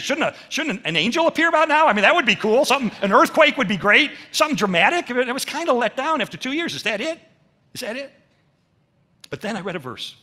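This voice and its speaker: Animated older man giving a sermon. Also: sits high. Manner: animated storytelling, acts out quotes. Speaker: speaker at a church. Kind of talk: testimony sermon.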